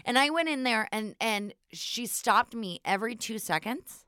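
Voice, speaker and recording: A young woman hosting a podcast tells stories in a lively, animated way, acting out what others said and swearing freely. Her voice sits a little high and sounds bright and forceful. It is recorded close and dry, with no room sound. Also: normal speed, clear, resonant tone, no room sound. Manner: animated storytelling, acts out quotes, swears casually. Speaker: podcast host. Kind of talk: casual chat.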